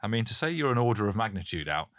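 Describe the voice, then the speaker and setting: A man's voice: lowish voice, sing-song, rapid-fire, a bit bright, dry recording, studio quality. A British man co-hosting a podcast in casual chat, joking and reading out listener messages. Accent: British English. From Britain. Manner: jokey, reads listener messages aloud. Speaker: podcast co-host. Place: Canada.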